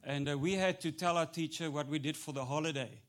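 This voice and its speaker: A man from South Africa whose first language is Afrikaans, preaching a light-hearted sermon with an Afrikaans accent, mixing in Afrikaans words and rising to loud, emphatic delivery. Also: on the high side, a little fast. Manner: jokey, switches between English and Afrikaans, builds to loud preaching. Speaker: pastor. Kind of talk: humorous sermon.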